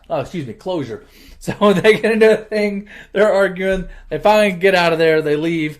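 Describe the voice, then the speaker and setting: A man hosting his channel, casually retelling a movie plot in an animated, chuckling, conversational way. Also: sits high, normal speed. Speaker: channel host.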